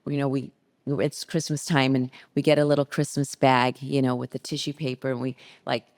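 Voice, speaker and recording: A middle-aged woman, a podcast guest, telling a story in a lively, casual way and acting out the people in it. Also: very deep voice, moderate pace. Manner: lively anecdote teller who acts out quoted people.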